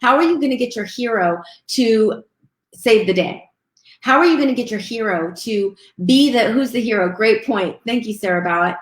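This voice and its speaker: A woman's voice: a little high, expressive, moderate pace, echoey room. A woman giving a live webinar talk, upbeat, thanking viewers and reading out their chat comments. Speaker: webinar presenter.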